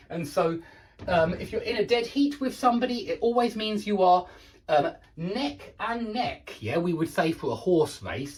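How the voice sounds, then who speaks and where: A man teaching English vocabulary in a relaxed, explanatory way, repeating and rephrasing each point with small fillers. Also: sits high. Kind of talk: casual explanatory vocabulary lesson.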